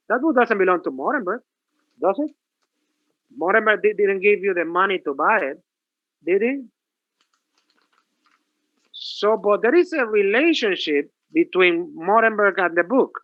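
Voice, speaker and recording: A male professor gives a lively classroom grammar lecture, repeating himself and asking rhetorical questions. His voice is high-pitched, and the recording has no echo and a lo-fi sound.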